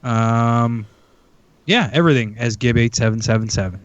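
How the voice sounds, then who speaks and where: A man's voice: mid-range voice, moderate pace, no room sound. Man co-host with a muffled sound. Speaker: podcast co-host. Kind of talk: casual chat.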